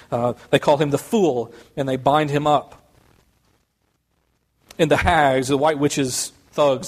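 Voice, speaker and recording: A male pastor preaching a sermon and reading a story aloud, earnest and sometimes restarting words. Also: on the high side.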